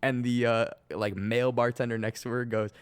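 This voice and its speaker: A man's voice: medium pitch, level tone, a little fast, smooth, no room sound. A man with a Boston accent co-hosting a podcast, telling stories in a casual way with laughter and swearing. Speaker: podcast co-host. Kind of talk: casual chat.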